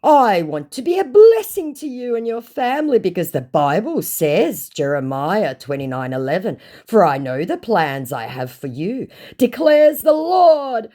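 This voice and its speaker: A sugary, pushy male con man faking a lottery win, put on by a woman. The voice jumps high and loud, with a wide, sing-song swing to every line. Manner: gushing, overly sweet and pushy. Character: smarmy male scammer posing as lottery winner.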